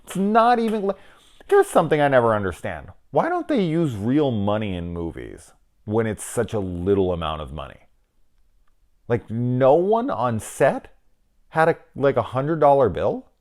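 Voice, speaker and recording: A man's voice: medium pitch, very animated, normal speed, a little mellow. A middle-aged man giving a rambling, wry, casual film review, swearing now and then.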